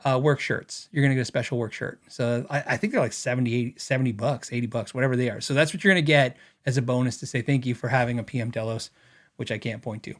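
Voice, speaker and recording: A man hosting a gear podcast in casual livestream chat, talking loosely, laughing often and jumping up in pitch when excited. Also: fast. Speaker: podcast host.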